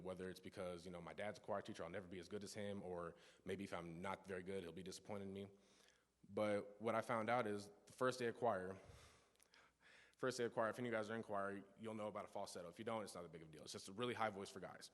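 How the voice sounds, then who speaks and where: A man's voice: on the low side, quick pace. A young man in his teens gives an earnest personal testimony in a church service, telling stories with frequent restarts and asides. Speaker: youth speaker giving a testimony. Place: church sanctuary. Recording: long church reverb.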